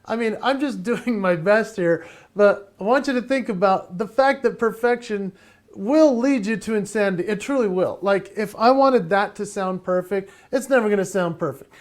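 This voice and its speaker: A man giving a playful, energetic virtual keynote from his home, laughing often and slightly out of breath. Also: sits high, moderate pace. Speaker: motivational speaker and entertainer.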